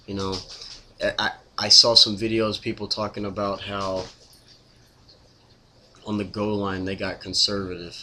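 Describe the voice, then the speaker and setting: A man's voice: on the low side, little pitch movement, unhurried, pauses often, sharp tone, slight background noise. A man ranting casually to camera as a sports fan, exasperated, repetitive and blunt.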